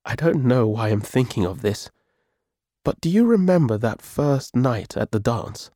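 A man voicing a weary, grieving older husband in a storybook reading, with a weak, quiet voice. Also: medium pitch, lively intonation, measured pace, dry recording, clean studio sound. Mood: laughing.

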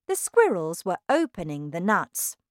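Slow, expressive woman storybook reader. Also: on the low side, no echo, clean studio sound. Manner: slow, careful, expressive reading. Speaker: narrator. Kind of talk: children's storybook reading.

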